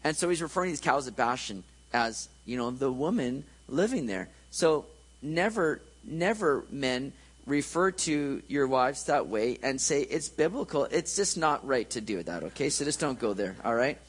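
A man's voice: mid-range voice, lively intonation, normal speed, breathy edge, poor audio. A man preaching a conversational sermon, joking and checking in with his listeners.

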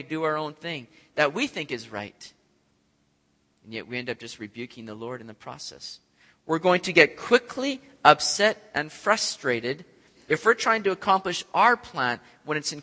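A man preaching a sermon, animated, acting out scenes and swinging from loud to soft. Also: fairly high pitch, moderate pace. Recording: echoey hall.

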